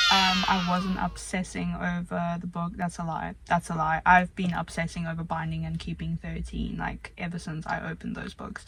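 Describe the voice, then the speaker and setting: A woman talking casually in a reading vlog at home, emotional, swinging between hushed whispers and excited outbursts. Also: lowish voice, slight background noise, low-quality recording. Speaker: book vlogger.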